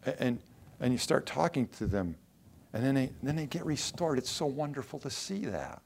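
A pastor delivers a sermon in an easy, conversational manner. His voice sits at a middling pitch, and he often turns to the congregation with questions and quick acted-out lines. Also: sing-song, vocal fry, a little mellow. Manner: conversational preaching with rhetorical questions and acted-out quotes.

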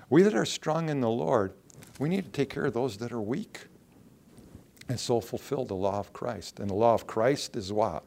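A man's voice: medium pitch, expressive, normal speed, vocal fry. Man preaching an expository sermon. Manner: reads scripture aloud then explains it, emphatic bursts and soft asides. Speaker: pastor.

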